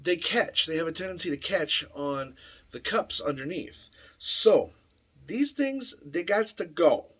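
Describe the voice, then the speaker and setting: A man's voice: a little high, expressive, measured pace, fairly bright tone, slightly rough. Guy rambling on about his week in his shop, loose and chatty, lots of ums. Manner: rambling storytelling with many fillers. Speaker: vlogger. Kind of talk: casual workshop vlog. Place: home workshop.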